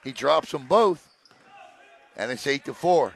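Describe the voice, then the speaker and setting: Gravelly excitable basketball announcer man. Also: medium pitch, measured pace. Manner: excitable, rising to shouts on big plays, joking asides. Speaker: play-by-play announcer. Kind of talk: local high school basketball commentary. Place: gym broadcast position.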